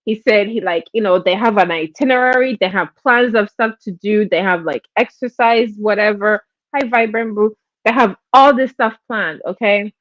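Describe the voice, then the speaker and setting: A woman hosting a live stream, telling gossip in a chatty, animated way and acting out quotes. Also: mid-range voice, normal speed, hardly any pauses, no echo, highs cut off. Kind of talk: casual gossip commentary.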